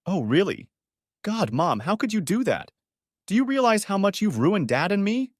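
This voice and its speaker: A man's voice: high-pitched, sing-song, normal speed, no echo, clean studio sound, voice pushed up. A man voicing an angry young daughter who mocks and accuses her mother. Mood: scornful. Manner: sarcastic, accusing. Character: furious teenage daughter, scornful and cutting.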